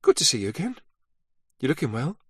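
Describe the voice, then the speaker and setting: A woman's voice: very deep voice, big pitch swings, fairly quick, fairly bright tone, breathy edge, dry recording, clean studio sound, pitched above the performer's own voice, exaggerated voice. A man voicing a straight-talking female intelligence officer with a Lincolnshire accent, in an audiobook. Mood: brisk.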